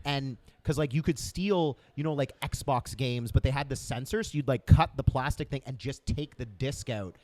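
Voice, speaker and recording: A young man, a comic and club owner, telling a story as a podcast guest in a loose, swearing, animated way. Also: mid-range voice, moderate pace, hardly any pauses, no echo. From Canada. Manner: animated, swearing, acts out voices in anecdotes. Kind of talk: casual chat, storytelling.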